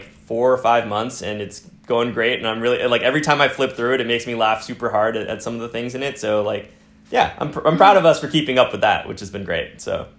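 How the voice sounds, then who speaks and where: Canadian guy, podcast guest, mid pitch, loose rambling talk, echoey room. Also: a bit bright. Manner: rambling, lots of fillers and restarts. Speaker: podcast guest, fashion editor. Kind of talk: casual chat.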